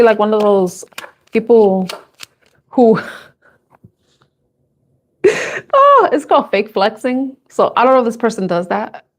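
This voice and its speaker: A young adult woman doing a live intuitive tarot reading, chatty and casual, laughing often and swearing freely. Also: mid-range voice. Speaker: tarot reader.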